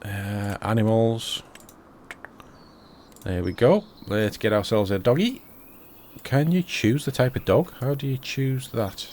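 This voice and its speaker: A man talks slowly over a farming game in a medium-pitched, slightly mellow voice, casually commenting and musing to himself. A little hiss or hum can be heard in this let's-play clip.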